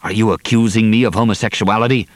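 Man voicing a low, menacing commandant. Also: fairly even intonation, quick pace, dry recording, natural voice. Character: menacing gun-toting male camp commandant.

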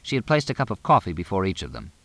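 Male narrator, low voice, dry close recording, measured storytelling. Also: huge pitch swings, a bit bright, dry recording. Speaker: audiobook narrator. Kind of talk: scripted narration.

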